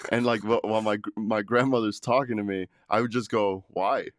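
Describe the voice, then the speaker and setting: A man's voice: on the low side, fairly even intonation, a little fast, no echo, clean studio sound. A man hosting a casual podcast chat, laid-back, swearing and laughing often. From Michigan. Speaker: podcast host.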